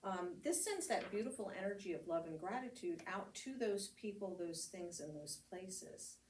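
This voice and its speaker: Chatty and storytelling, a woman reverend with an American accent delivers a casual homily, laughing and using fillers. She sounds animated, with a medium-pitched, darkish voice at a moderate pace. The recording comes from a distance in a roomy church meeting hall, with faint ambience and slight background noise.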